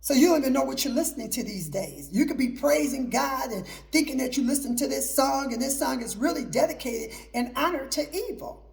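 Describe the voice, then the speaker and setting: A woman's voice: sits high, lively intonation, brisk, gravelly, hardly any pauses, a little mellow. A middle-aged woman hosting her own show, giving an emphatic, repetitive preaching talk mixed with personal testimony. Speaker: host.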